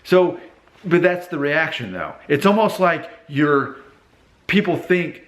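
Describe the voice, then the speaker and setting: A man's voice: a little high, lively intonation, slow pace, a bit bright. A man in his thirties giving casual advice straight to camera, talking it through in a conversational way from his father's car repair shop. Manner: conversational, acts out quoted people in exaggerated voices. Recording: echoey workshop.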